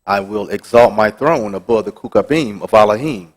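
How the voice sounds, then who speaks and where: A man reads scripture aloud in a slow, solemn cadence. His voice is low and carries a long hall reverb, with the mic some way off. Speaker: scripture reader in a Bible class.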